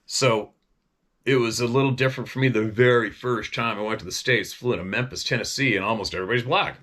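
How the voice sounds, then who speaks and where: Telling stories in a loose, profane ramble, a middle-aged hunting guide from Vancouver Island, Canada, keeps restarting his sentences partway through. He speaks at a quick pace in a mid-range, slightly bright voice.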